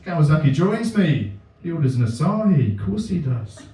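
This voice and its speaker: A man doing a deadpan, self-mocking stand-up set in a comedy venue. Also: fairly high pitch, moderate pace. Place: comedy venue with a live audience. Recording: echoey room, mic at a distance.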